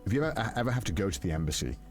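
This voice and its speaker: A man's voice: on the low side, big pitch swings, racing, faint music behind. A man, a YouTuber telling a rambling story in casual chat, full of fillers and restarts. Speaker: YouTuber host.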